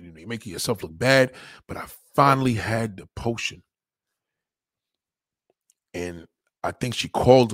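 Husky-voiced man talking on a livestream. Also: on the low side, dry recording, studio quality. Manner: rambling, emphatic and profane, swings between loud and quiet. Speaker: livestreamer taking donations. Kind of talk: casual livestream talk.

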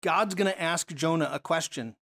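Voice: medium pitch, moderate pace, fairly bright tone. A preacher works through a Bible passage in an easygoing, conversational sermon. The delivery is full of rhetorical questions and mid-sentence restarts.

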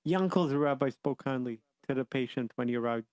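A man's voice: medium pitch, a little fast, darkish tone, no echo, clean studio sound. A man telling a story to children, rambling and playful, interrupting himself and bantering.

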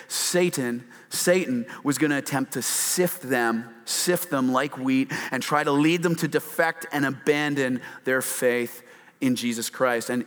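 A male pastor preaching a sermon, animated and often acting out quotes in a raised voice. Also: mid-range voice. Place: church hall with slides on a screen. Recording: long hall reverb.

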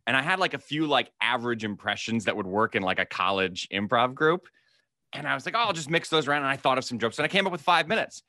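Bright-voiced man telling a story. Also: medium pitch, quick pace, no echo, clean studio sound. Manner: animated anecdote teller, acts out quoted voices. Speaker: podcast host. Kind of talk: casual storytelling chat.

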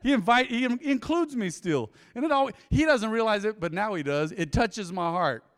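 High, lively preaching man in a hall. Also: moderate pace. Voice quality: lively, conversational preaching with sudden loud bursts and quiet drops. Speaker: pastor. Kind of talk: sermon.

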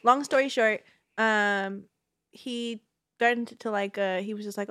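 A woman's voice: mid-range voice, a little slow, smooth, dry recording. A young woman in her twenties casually telling a long personal story and acting out the quotes. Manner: animated, acts out quotes. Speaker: guest.

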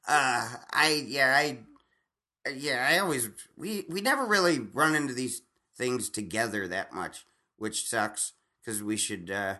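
Bright-voiced rambling, cursing man. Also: mid-range voice, animated, measured pace. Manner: rambling, profane, frequent restarts and laughs. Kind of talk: casual chat.

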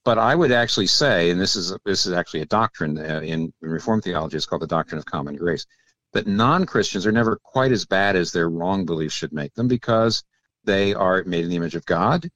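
An older man with a very deep voice explains theological ideas as a radio guest, thinking aloud and often restarting. The sound is dry and close, with no room echo. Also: expressive, a little fast, fairly bright tone, lo-fi sound. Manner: thoughtful, explanatory, with many restarts. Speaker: guest pastor and author.

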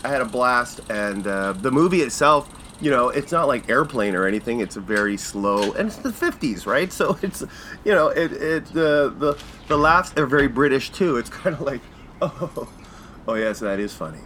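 A Canadian man hosting a podcast, telling a casual story with laughs and acting out quotes in jumpy high voices. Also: expressive, normal speed, bright, forceful tone, slight background noise. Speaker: podcast host.

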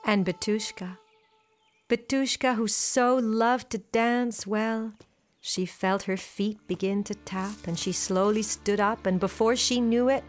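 A woman storyteller telling a folktale aloud in an expressive, animated way. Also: medium pitch, slow pace, soft background music. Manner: expressive, animated, switches into character voices.

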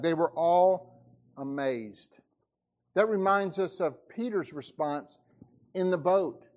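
A male pastor preaching a sermon, dramatic, his voice rising to cries and dropping to a hush. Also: on the high side.

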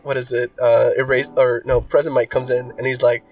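On a casual podcast, a male co-host rambles briskly, his talk full of "like" and "um." His medium-pitched voice is level and darkish in tone, captured by a distant mic with faint music behind it.

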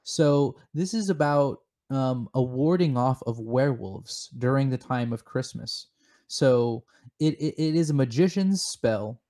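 A man co-hosting a comedic chat show, spinning deadpan, mock-serious theories with lots of halting restarts. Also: mid-range voice. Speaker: podcast co-host.

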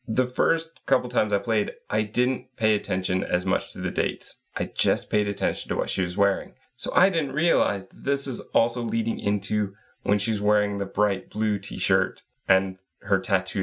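A man's voice: fairly low pitch, fairly bright tone. A man co-hosting a casual podcast, methodically recapping the scenes of a game. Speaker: podcast co-host.

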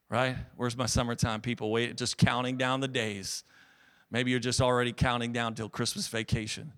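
A middle-aged man, a pastor, preaching a sermon at a church service, swinging between loud exhortation and soft earnest tones. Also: mid-range voice, steady tone, moderate pace, clean tone. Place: church sanctuary.

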